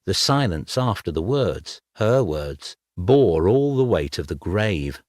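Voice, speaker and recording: Male audiobook narrator, low voice, dry booth sound. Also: no room sound. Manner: measured, even storytelling. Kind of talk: scripted narration.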